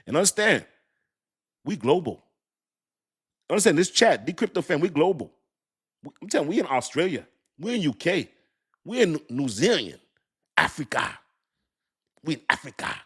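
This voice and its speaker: A man's voice: fairly high pitch, sing-song, normal speed, pauses often, husky. Laid-back joking male crypto streamer. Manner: loose, joking, slangy, laughs often, gropes for words. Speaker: crypto livestream host. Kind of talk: casual livestream chat reading viewer comments.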